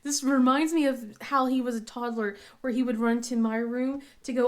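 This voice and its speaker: Chatty mom vlogger in her 30s, laughs a lot, kinda high voice, lots of likes and um. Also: brisk, hardly any pauses. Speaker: crafting vlogger, mother. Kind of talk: casual storytelling chat.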